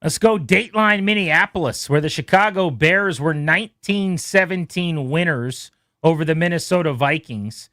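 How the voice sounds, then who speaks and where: A man hosting a sports radio show, rattling off quick game recaps with playful asides. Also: fairly high pitch, bright, forceful tone, no room sound, clean studio sound. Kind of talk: brisk scores recap.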